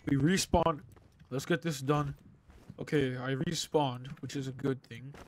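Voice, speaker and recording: A young man giving excitable gameplay commentary, exclaiming and swearing under his breath. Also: mid-range voice, measured pace, a little hiss or hum. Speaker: gamer. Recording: game gunfire and beeps behind.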